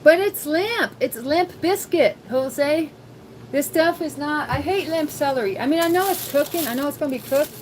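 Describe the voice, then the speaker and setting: A woman's voice: sits high, moderate pace, a little hiss or hum, poor audio. A woman hosting a casual cooking livestream from her home kitchen, chatty and thinking aloud as she talks to viewers. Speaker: livestream host.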